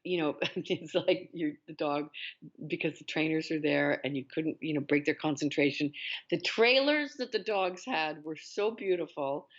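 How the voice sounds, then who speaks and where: Low-voiced Canadian actress telling stories. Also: female voice, normal speed. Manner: animated storyteller, laughs often. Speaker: actress guest. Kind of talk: casual interview. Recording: dull lo-fi sound.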